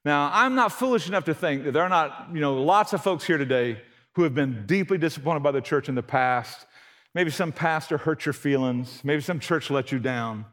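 A man's voice: fairly high pitch, moderate pace, a bit bright. A man preaching a sermon in a folksy, emphatic, conversational way. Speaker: pastor.

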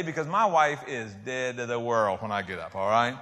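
Folksy older preacher in a reverberant hall. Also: male voice, medium pitch, lively intonation, moderate pace, hardly any pauses. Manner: folksy, joking, swinging between loud and soft. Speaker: pastor. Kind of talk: sermon.

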